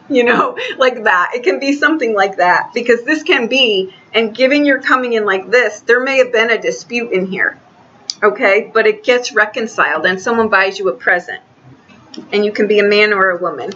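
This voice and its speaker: A woman giving a casual tarot reading, talking in a chatty, halting way with many restarts. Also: fairly high pitch, a bit bright, dull audio, a little hiss or hum. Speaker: tarot reader.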